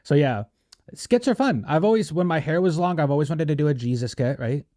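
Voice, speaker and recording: A man's voice: a little high, animated, brisk, mellow, no echo, clean studio sound. Rambling joking podcast host, a man. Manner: rambling, joking, filler-heavy. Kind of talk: casual podcast chat.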